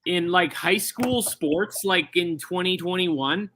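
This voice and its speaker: A man with a high, very bright voice, telling stories in loose podcast chat. He talks in a rambling, profane way, full of asides. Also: slow, slight background noise. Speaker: podcast co-host. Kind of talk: casual chat.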